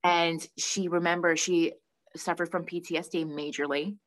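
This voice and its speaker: Woman, low-pitched, emotional chatty podcast host. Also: moderate pace. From Long Island, New York. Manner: emotional, animated storytelling with many restarts. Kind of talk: casual podcast chat.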